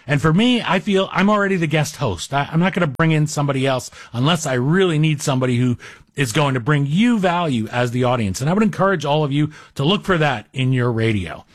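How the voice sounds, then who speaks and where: A man's voice: fairly high pitch, expressive, fairly quick, no room sound, studio quality. A man guest hosting a talk radio show, chatting in a digressive, self-deprecating monologue. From Greek heritage.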